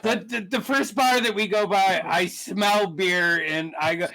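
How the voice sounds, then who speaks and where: Man, high lively voice, slow unhurried pace, giggly, stumbling words. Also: gravelly. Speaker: player. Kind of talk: casual tabletop role-play.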